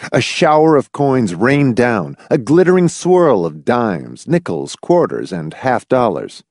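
A man narrating a novel in an expressive, dramatic storytelling manner. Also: on the low side, no echo, studio quality. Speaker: audiobook narrator. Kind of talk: scripted narration.

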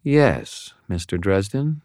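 A man voicing a cold, detached older woman who speaks in a flat monotone tinged with dry amusement, pitched above his usual voice. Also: slow pace, no echo. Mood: dry mocking.

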